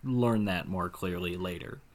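A man's voice: deep voice, unhurried, crowd noise. A man co-hosting a casual movie podcast, making wry remarks with laughing asides. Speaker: podcast co-host.

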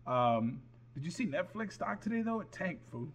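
A man's voice: a little high, sing-song, moderate pace, breathy edge. A man co-hosting a casual movie chat, talkative and joking. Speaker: podcast co-host.

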